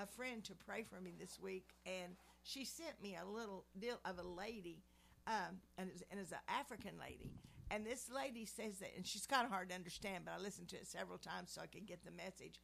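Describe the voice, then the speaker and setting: A woman's voice: mid-range voice, normal speed, vocal fry, fairly bright tone, a little hiss or hum. A woman in her seventies praying and giving an earnest devotional teaching. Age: 70s. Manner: earnest, preacherly. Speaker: Christian speaker.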